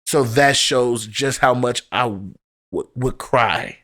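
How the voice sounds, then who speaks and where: A man's voice: medium pitch, takes it slowly, a bit bright. A young adult man, a poet and teacher, talking on a podcast as a guest and telling personal stories candidly and with feeling. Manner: candid, heartfelt storytelling with casual profanity. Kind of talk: casual podcast conversation.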